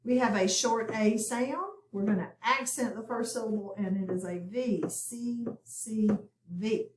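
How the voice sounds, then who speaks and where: A woman walks learners through a phonics lesson in a slow, patient way. Her voice sits a little high. The recording has a noticeable room echo. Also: a little hiss or hum. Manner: patient, step-by-step instruction. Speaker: phonics teacher.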